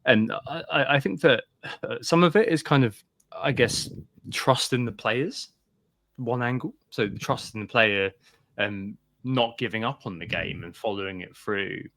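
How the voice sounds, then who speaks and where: Gravelly man, tense bright tone, hesitant casual chat. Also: mid-range voice, measured pace, no room sound, clean studio sound. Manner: hesitant, many ums and restarts. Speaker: podcast co-host.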